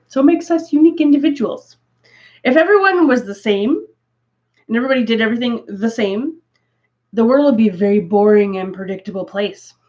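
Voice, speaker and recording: A woman chatting casually to viewers on a craft livestream, rambling through asides and laughing often. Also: mid-range voice. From Canada. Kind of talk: casual live chat. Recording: dull lo-fi stream audio.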